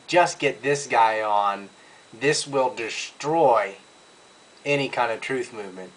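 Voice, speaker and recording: A man with a medium-pitched voice tears into his subject in a blunt, scornful rant. He delivers crude insults in a mocking commentary style. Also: a bit bright, low-quality recording. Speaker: video commentator.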